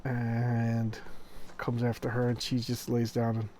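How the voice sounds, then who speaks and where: A man's voice: medium pitch, completely flat delivery, a little slow, mellow, a little hiss or hum. A man casually reviewing old horror comics, retelling the stories with enthusiasm and a rambling, chatty manner. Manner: enthusiastic, rambling, acts out quoted lines in passing. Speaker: comic book video host.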